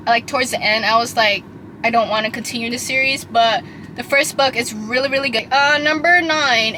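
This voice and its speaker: A young woman chatting casually about books for her vlog, gushing and lively, with many fillers and restarts. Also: high-pitched, a little hiss or hum, poor audio. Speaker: book vlogger. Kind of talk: casual chat.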